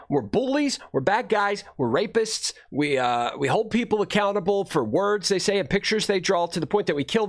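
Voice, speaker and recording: A man's voice: sits high, a bit bright. A man streaming casual commentary on videos he watches, blunt, rambling and profane.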